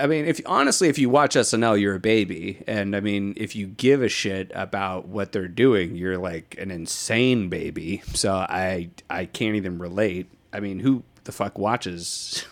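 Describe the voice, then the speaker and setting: A young man hosting a podcast, rambling through a casual comedic monologue with sardonic asides, chuckles and profanity. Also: on the low side. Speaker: podcast host.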